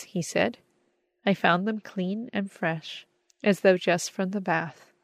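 Woman audiobook narrator; measured, expressive, low-voiced, dry close mic. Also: vocal fry, dry recording.

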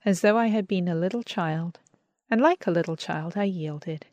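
Woman reading an audiobook, lowish voice, earnest and steady, dry close sound. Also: no room sound. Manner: measured and earnest. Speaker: audiobook reader. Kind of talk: scripted first-person narration.

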